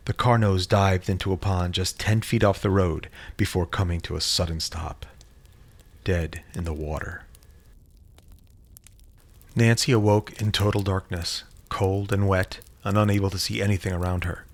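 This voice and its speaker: A man reading a horror story in a measured, dramatic storytelling manner. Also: sits low. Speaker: narrator. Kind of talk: scripted horror story narration.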